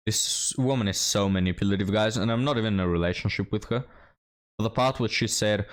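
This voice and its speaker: Blunt, mocking man with a low voice. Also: brisk. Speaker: commentary host. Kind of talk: reaction commentary.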